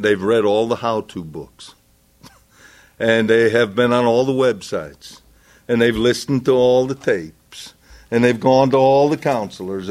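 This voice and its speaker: Man, sermon, unhurried, mid-pitched, earnest and impassioned. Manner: slow, deliberate, rising to impassioned pleading. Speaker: preacher.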